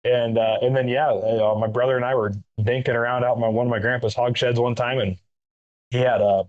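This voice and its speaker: A man's voice: mid-range voice, flat delivery, brisk, narrow, tinny audio. A man with a Texan accent telling a rambling story in casual chat, peppering it with dude and man. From Central Texas. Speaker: guest, retired Army master sergeant.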